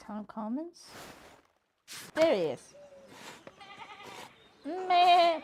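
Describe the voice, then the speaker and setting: A woman playing a story game and reading its dialogue aloud, thinking out loud casually and swearing often. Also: on the low side, lively intonation, moderate pace, pauses often, slight background noise. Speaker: game streamer.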